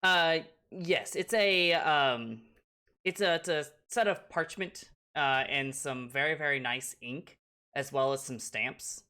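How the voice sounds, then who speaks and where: Game master narrator: halting and bright, with lots of fillers. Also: medium pitch. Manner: halting, full of ums and uhs.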